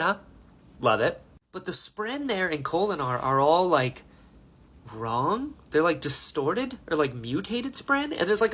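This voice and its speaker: Young man, casual reaction chat, lively swooping pitch, chatty. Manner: animated, chatty, acts out quotes. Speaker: book reaction host.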